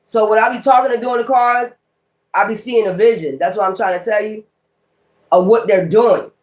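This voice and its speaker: Woman tarot reader going off, cussing nonstop, fired up and blunt, mid-pitch voice. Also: moderate pace. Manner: heated, blunt, heavy cursing. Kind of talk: casual profane rant to viewers.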